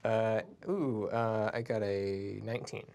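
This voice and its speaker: A man's voice: fairly low pitch, steady tone, slow, gravelly, a little mellow, a little hiss or hum. A man playing a tabletop game, casually asking for checks and reading out rolls. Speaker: player.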